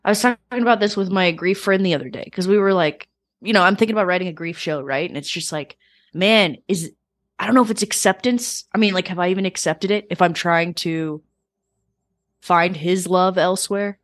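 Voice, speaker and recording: A woman talking casually on a podcast, telling personal stories in a reflective, animated way with many fillers. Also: lowish voice, brisk, no room sound. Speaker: guest.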